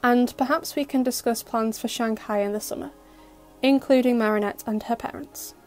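A woman's voice: on the high side, steady tone, normal speed, faint music behind, close to an everyday voice. A stern, formal father, read by a woman. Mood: formal, subdued. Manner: formal, clipped, quiet. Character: stern reserved middle-aged father, softening.

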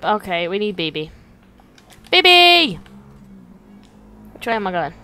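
A young woman giving casual, excitable gameplay commentary, swearing freely and talking to the characters on screen. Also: on the low side, quick pace. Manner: excitable, swears a lot, talks to the game characters. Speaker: let's play host.

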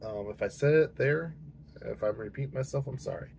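A man's voice: mid-range voice, fairly quick, creaky, darkish tone, slight background noise. A man hosting a book channel, talking casually to camera in a rambling, hesitant way with many fillers and restarts, and he has the hiccups.

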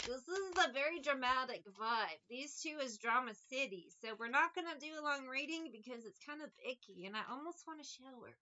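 Sharp, high-voiced woman, profane and mocking, reading tarot casually. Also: animated, brisk, hardly any pauses, lo-fi sound, slight background noise. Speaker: tarot reader.

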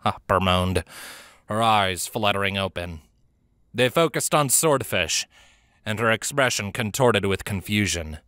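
Male audiobook narrator, low-pitched, bright-toned, steady fantasy storytelling. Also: unhurried, clean tone, no echo, clean studio sound.

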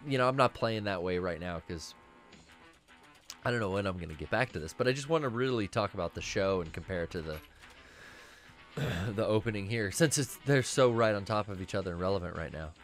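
Male streamer, lower register, relaxed, profane, mutters mid-play, light music bed. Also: a little fast. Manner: laid-back, swears often, mutters to himself while playing. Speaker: stream co-host playing a video game. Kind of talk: casual gaming stream chat.

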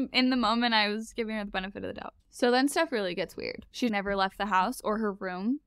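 Female guest storyteller, creaky vocal fry, chatty and animated, close dry sound. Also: mid-range voice, brisk, no echo. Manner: animated, chatty, laughs often. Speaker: podcast guest. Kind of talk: casual storytelling.

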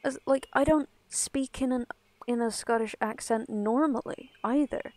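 A woman's voice: a little high, measured pace, dark tone, no room sound. A woman from Ireland streaming a game, chatting casually in a rambling way full of asides. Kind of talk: casual chat while gaming.

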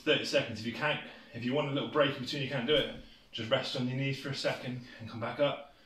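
A man's voice: mid-range voice, steady tone, quick pace, a bit bright. Brit man coaching a home workout. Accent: British. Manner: casual, encouraging, loose phrasing. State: slightly out of breath. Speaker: fitness instructor. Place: room at home. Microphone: far camera mic. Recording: roomy, distant, noisy home video.

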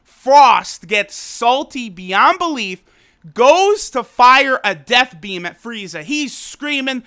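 Man, anime episode reviewer, excitable, swears a lot, bright voice. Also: extremely high pitch, clean tone. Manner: excitable, profane, laughing, fast recaps. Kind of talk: casual video review.

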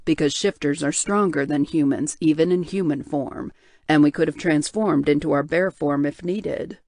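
A woman voicing a wounded, drugged male bear shifter in an audiobook, speaking slowly with heavy guilt. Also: low-pitched, a little mellow, no echo, studio quality, voice pushed down. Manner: slow, heavy, guilt-laden. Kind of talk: audiobook character voice.

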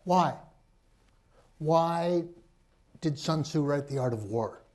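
A man's voice: a little high, lively intonation, takes it slowly, a little mellow. A man on a panel making emphatic points with rhetorical questions and wry asides. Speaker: author and journalist on a panel. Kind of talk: panel discussion.

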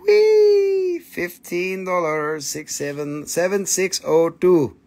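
Brief: male live-stream seller, slow and jokey, pitched a little high, teasing viewers. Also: fairly even intonation, vocal fry. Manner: playful, joking with viewers, talks to himself. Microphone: phone.

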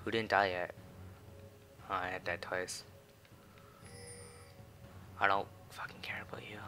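A man's voice: low voice, flat delivery, measured pace, bright, forceful tone, soft background music. A man giving live commentary while playing a video game, ranting and swearing, flipping between muttered whispers and outbursts. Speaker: gamer playing online.

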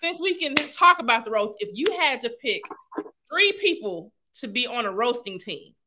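A woman from Los Angeles hosting a casual chat, energetic and quick to laugh. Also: on the high side, background noise. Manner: laughs easily, energetic interviewer. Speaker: host.

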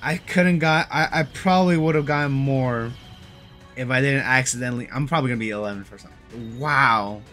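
A man's voice: medium pitch, a little fast, fairly bright tone, faint music behind. A young man giving casual, slangy commentary on a mobile game, frustrated and peppering his talk with bro and dude.

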